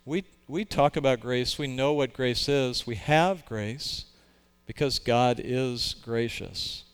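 A man's voice: mid-range voice, takes it slowly, clear, resonant tone, soft background music. A man, who is a pastor, preaching a sermon in an earnest, emphatic way, with occasional restarts.

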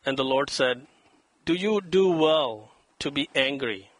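A man's voice: animated, unhurried, fairly bright tone, no room sound. A man preaching a sermon, telling a story and reading scripture, acting out quoted speech with dramatic emphasis. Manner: dramatic, acts out quoted voices with rising pitch. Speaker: pastor.

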